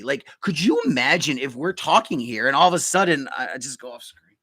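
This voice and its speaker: A man hosting a live podcast in casual chat, talking in excitable, rambling bursts. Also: medium pitch, fairly quick, no room sound. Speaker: podcast host.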